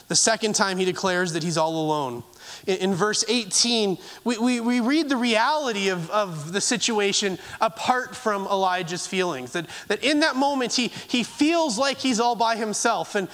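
The sermon comes from a high-voiced pastor who speaks with earnest hesitancy, restarting phrases often. He moves back and forth between a raised voice and a hushed one.

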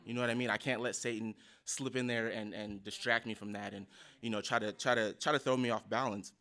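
A man shares a casual testimony with his church group. His voice sits low but has a bright, forward edge. He speaks earnestly and haltingly, restarting phrases and filling pauses. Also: fairly even intonation. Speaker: church member sharing a reflection.

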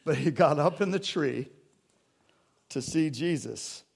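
Pastor, male, fairly high voice, chatty sermon delivery with voices for Bible scenes. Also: animated, slow, vocal fry, slightly rough. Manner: conversational preaching, calls out to the congregation. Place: church sanctuary.

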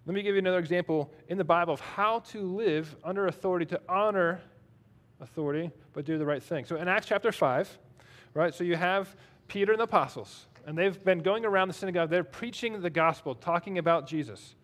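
A man's voice: sits high, fairly quick, fairly bright tone. A man preaching a sermon in a conversational, self-deprecating way, reading scripture aloud between his own remarks. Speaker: pastor.

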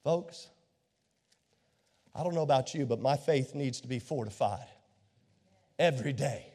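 A man preaching a sermon as pastor, dramatic, acting out the voices of Bible figures and swinging from hushed tones to shouts. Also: medium pitch, normal speed. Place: church sanctuary. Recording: long hall reverb.

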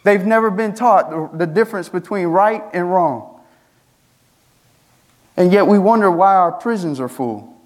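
Young guy preaching a sermon, slightly high voice, fires off questions at the room. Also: measured pace, long pauses. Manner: preaching with rhetorical questions, rising emphasis. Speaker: student pastor.

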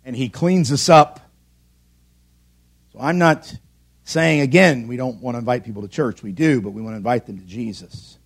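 A man's voice: mid-range voice, moderate pace, gravelly, pauses often. A man preaching a sermon from a church pulpit, emphatic, with repeated calls and rhetorical questions. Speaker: pastor.

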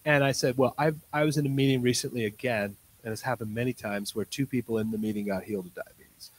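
A man preaching a sermon, telling a story in acted-out dialogue and swinging from quiet asides to loud, excited bursts. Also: medium pitch, brisk, poor audio. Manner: tells stories in quoted dialogue.

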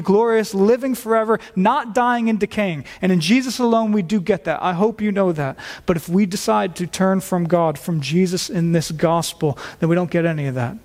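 A man preaching a sermon, earnest and emphatic, dropping his voice low when he quotes scripture. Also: darkish tone, in a large hall.

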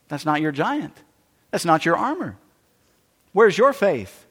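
A man's voice: on the high side, very animated, measured pace, pauses often, a bit bright, husky. A man preaching a sermon with dramatic delivery, acting out the voices of Bible figures and worried churchgoers. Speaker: pastor. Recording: long hall reverb.

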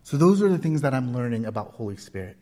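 Long hall reverb carries the fast, very animated, warm-toned voice of a forties-aged pastor at medium pitch. Preaching, he tells personal stories and repeats himself earnestly for emphasis.

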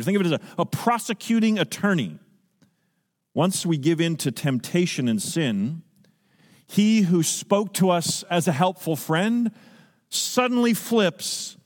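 A man's voice: a little high, long reverb tail. A man preaching a sermon as pastor, earnest and emphatic, asking the listeners pointed questions. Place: church sanctuary.

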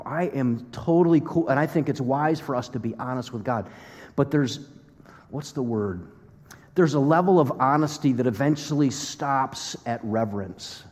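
A man preaching a sermon as pastor, playful and animated, then turning soft and earnest. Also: mid-range voice, in a large hall. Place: church hall.

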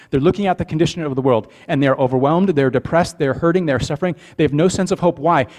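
A man's voice: a little high, darkish tone. Male pastor, earnest sermon delivery, conversational, repeats words, checks in with the congregation.

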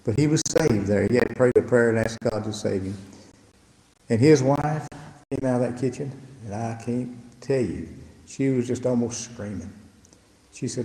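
An older pastor tells a story to his church in an unhurried, folksy way. His voice is mellow and dark. It rings out in a roomy hall with a long, echoing reverb. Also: fairly low pitch. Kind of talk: storytelling testimony to a congregation.

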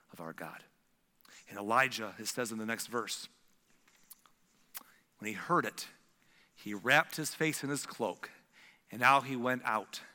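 A man preaching a sermon as a pastor, swinging from loud emphatic lines to hushed whispers. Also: lowish voice. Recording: long hall reverb.

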